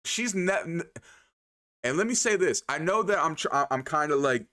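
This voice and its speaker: Animated, bright-voiced man ranting. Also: fairly high pitch, moderate pace. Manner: animated, profane, emphatic with repeated phrases. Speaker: livestreamer. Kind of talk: casual rant to stream chat.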